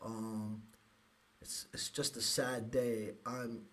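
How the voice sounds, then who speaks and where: A man from the United States hosting a live podcast, speaking emotionally with halting restarts and sighs. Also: medium pitch, flat delivery, a bit bright. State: emotional, close to tears. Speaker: podcast host.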